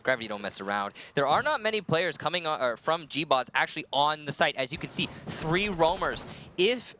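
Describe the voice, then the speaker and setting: A man's voice: fairly high pitch, lively intonation, moderate pace, bright, forceful tone, a little hiss or hum. A man casting a competitive shooter match, breaking down plays in a chatty, analytical way. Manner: analytical, chatty, laughs easily. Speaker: esports caster. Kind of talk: play-by-play commentary.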